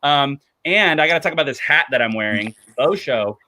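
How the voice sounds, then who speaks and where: An enthusiastic man hosts a casual livestream, chatting freely and leaning on fillers. His voice sits a little high and sounds bright and forceful. He talks indoors under bright lights. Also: animated, brisk, dry recording. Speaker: livestream host.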